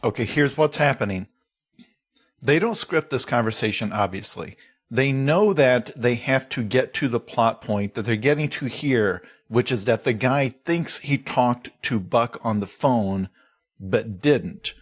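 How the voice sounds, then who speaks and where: A man's voice: medium pitch, a little slow. A man co-hosting a comedy podcast, explaining things in a matter-of-fact way during casual chat. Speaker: podcast co-host.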